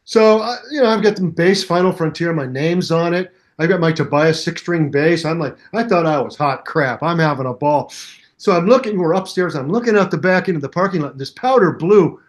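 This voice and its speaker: An older man chats as an interview guest, spinning animated stories about teaching bass. His voice sits a little high for a man, and he breaks into scatted bass lines to demonstrate. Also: brisk. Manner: animated storyteller who scats bass lines aloud. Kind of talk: casual storytelling interview.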